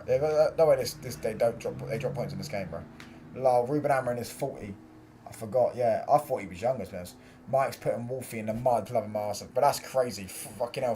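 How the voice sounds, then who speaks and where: A man's voice: mid-range voice, fairly quick, dark tone, slight background noise. A young man hosting a live football watchalong stream, chatting in casual slangy banter and reacting to the match and viewers' messages.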